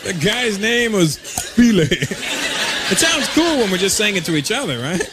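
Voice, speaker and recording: A male stand-up comedian from Canada tells stories on stage in a casual, animated way. His voice sits high and swings widely. Loud audience noise fills the live recording. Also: a little fast, over a noisy crowd.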